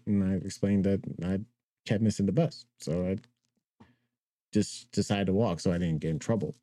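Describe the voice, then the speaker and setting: A young man with a very dark, mellow voice tells a rambling story on a podcast, now and then laughing at his own tale. The sound is dry and close, with no room around it. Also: deep voice, moderate pace, pauses often, dry recording. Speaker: podcast co-host. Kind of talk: casual storytelling.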